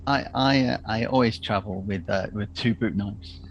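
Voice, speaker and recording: A man's voice: fairly low pitch, normal speed, muffled recording, slight background noise. A man playing a tabletop game, talking hesitantly with stammers. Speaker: player.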